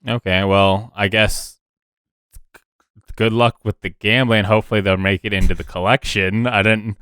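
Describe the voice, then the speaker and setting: A man playing a tabletop role-playing game, describing and voicing his character in a halting way with many fillers and restarts. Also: fairly low pitch, flat delivery, fairly bright tone, clean tone, no echo, studio quality. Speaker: player.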